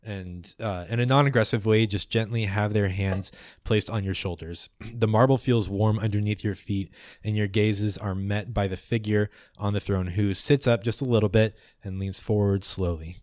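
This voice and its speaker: A man's voice: fairly low pitch, fairly even intonation, normal speed, darkish tone, dry recording, studio quality. A man narrating descriptively as game master of a tabletop game. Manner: descriptive, with fillers.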